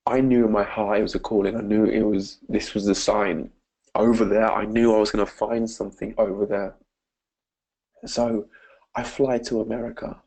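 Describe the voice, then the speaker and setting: A man's voice: on the low side, flat delivery, moderate pace, darkish tone, low-quality recording. A man with a British accent, a motivational speaker telling an earnest personal story and often calling his listeners "guys". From Britain. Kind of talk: personal story told to camera.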